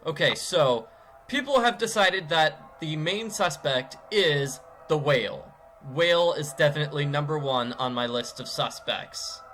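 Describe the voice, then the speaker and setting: A man's voice: a little high, animated, measured pace, fairly bright tone, faint music behind. A man giving casual, rambling commentary as he plays a mystery adventure game, often stopping and restarting his sentences. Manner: rambling, self-interrupting. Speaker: let's play commentator.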